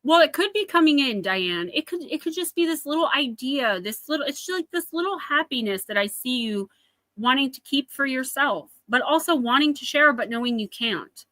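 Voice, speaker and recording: Bright-voiced New Jersey woman reading oracle cards. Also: sits high, animated, moderate pace, dry recording. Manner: chatty, speaks directly to viewers by name. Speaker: oracle card reader. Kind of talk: live oracle card reading.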